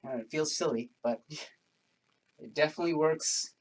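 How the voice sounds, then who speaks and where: Male fitness instructor, slightly high voice, slow unhurried delivery, breathless from exercising, chatty and joking through the burn. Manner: chatty, jokes and laughs through the effort. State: panting from exercise. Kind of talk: home workout class instruction.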